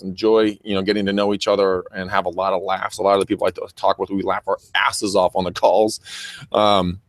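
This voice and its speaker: Man, low voice, casual podcast chat, animated, profane, dry close sound. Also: dry recording. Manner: animated, profane, acts out scenes. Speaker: podcast co-host and real estate coach.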